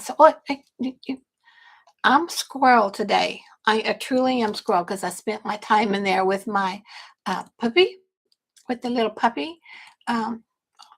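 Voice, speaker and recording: A woman's voice: a little high, a little slow, breathy edge, rough recording. An older woman from Texas, a grandmother, hosting a casual livestream and chatting to viewers in a rambling, self-correcting way. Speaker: livestream host and business coach.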